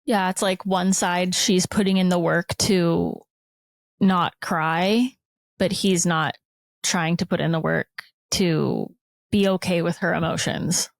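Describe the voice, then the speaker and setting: A woman on an advice podcast whose voice is low and gravelly with vocal fry. She drops blunt, quick asides into the chat. The sound is close and dry. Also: steady tone, dry recording. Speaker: podcast co-host.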